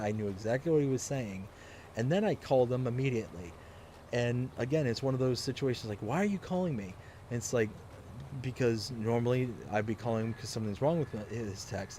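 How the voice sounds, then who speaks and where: A man's voice: medium pitch, warm tone, slight background noise. A man hosting a live stream of a farming game, chatting casually, reading viewer comments aloud and rambling through stories with frequent laughs. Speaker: livestream host playing a farming game. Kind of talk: casual livestream chat.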